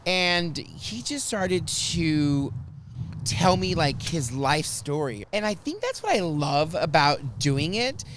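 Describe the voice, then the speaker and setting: A man hosting a podcast in casual chat, an animated storyteller who acts out quotes loudly. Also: on the high side, slow, a little hiss or hum. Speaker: podcast host.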